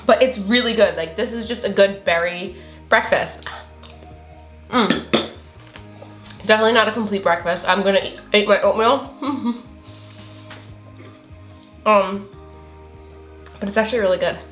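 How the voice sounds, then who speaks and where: A woman's voice: medium pitch, unhurried, pauses often, reverberant, over music. A woman with a slight Southern accent chatting casually through a recipe demo, full of fillers and little laughs. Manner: chatty, filler-heavy, giggly. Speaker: recipe vlogger.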